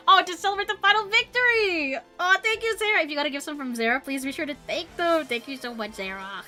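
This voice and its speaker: Bright, giggly woman streamer. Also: high-pitched, animated, a little fast, faint music behind. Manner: giggly, chatty, self-mocking. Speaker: variety streamer. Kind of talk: casual game stream commentary.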